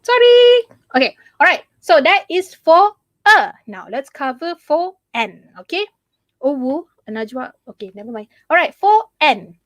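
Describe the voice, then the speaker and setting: A woman's voice: high-pitched, sing-song, measured pace, fairly bright tone, no echo. A young Malaysian woman teaching English in a live online class, chatty and mixing in Malay, who keeps checking in with "okay?".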